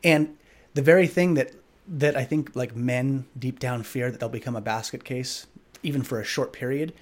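A man's voice: mid-range voice, moderate pace. A man hosting a podcast, telling a candid personal story in an earnest, reflective way and leaning on lots of filler "like"s. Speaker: podcast host.

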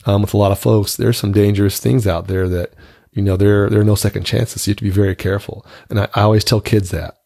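A man's voice: fairly low pitch, fairly even intonation, fast, creaky, warm tone, no echo, studio quality. A man in his fifties talking frankly and earnestly in a casual conversation, often repeating words as he starts a thought.

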